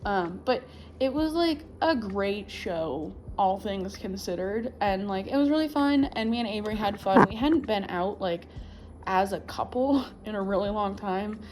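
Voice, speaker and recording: A woman's voice: mid-range voice, a little slow, background noise. A young woman chatting casually to camera from her living room floor, laughing often and filling her talk with "like" and "um". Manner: chatty, animated, laughs often, many fillers. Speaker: vlogger.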